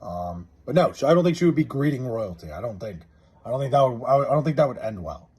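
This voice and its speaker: Male streamer, husky voice, lively pitch, loose profane chat with viewers, drawls out joke names. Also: fast talker. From New York area. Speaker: livestreamer. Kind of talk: casual live stream chat, reading viewer comments. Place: his house.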